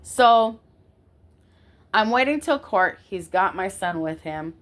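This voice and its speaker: A woman's voice: mid-range voice, expressive, slow pace. A woman telling a personal story in a casual way, emphatic and indignant, swearing now and then and often checking in with her listener.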